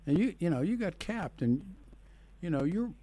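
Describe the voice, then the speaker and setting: A man's voice: high voice, animated, normal speed, dark tone. A man hosting a talk radio show, commenting earnestly on his guest's story. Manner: reactive, short interjections and earnest comments.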